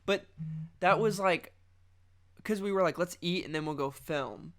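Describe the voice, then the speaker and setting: Young male podcast host, loose rambling storyteller, a touch high-pitched. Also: unhurried, a bit bright. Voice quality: rambling storyteller, lots of restarts. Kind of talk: casual chat.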